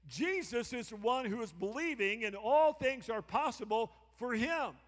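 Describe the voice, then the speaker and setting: High-voiced preacher in a reverberant hall. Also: male voice. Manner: emphatic preaching with repeated call-and-response prompts. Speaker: pastor. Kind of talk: sermon. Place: church sanctuary.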